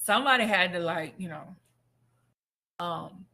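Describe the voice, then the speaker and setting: A woman's voice: on the low side, measured pace, vocal fry, pushed and bright. A woman giving a casual, chatty commentary monologue, telling a story animatedly and acting out quotes.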